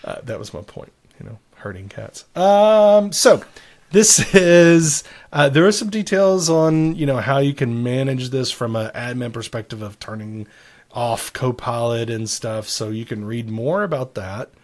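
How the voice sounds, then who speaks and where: A man co-hosts a casual tech podcast. He talks at a middle pitch for a man. He explains software features at length and slips in joking asides. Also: a little slow. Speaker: podcast co-host.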